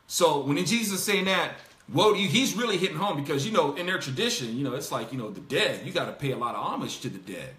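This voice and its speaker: Animated man with a bright voice. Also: on the high side, fairly quick, reverberant. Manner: animated, laughing, acts out quotes. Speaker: host. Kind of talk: casual Bible discussion.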